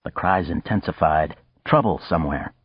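A male audiobook narrator with a low, husky voice who reads in a steady, deliberate way. He is recorded close and dry, and the audio sounds slightly dull and muffled. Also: dry recording. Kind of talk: scripted narration of a novel.

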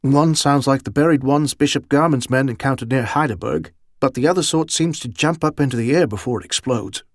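A man's voice: medium pitch, brisk, no echo, clean studio sound, natural voice. A man voicing a grim male colonel giving clipped battlefield reports in an audiobook. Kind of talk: audiobook character reading.

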